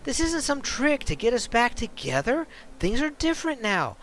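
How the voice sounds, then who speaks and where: Guy doing an earnest young dude begging, raised up high, lively. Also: normal speed, a little hiss or hum, heavily acted. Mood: pleading. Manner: pleading, urgent. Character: earnest young man, pleading cult recruit.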